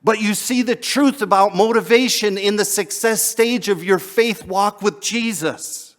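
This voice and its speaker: A man's voice: high-pitched, unhurried. A male pastor preaching a sermon in a conversational way, chuckling often and repeating words as he goes.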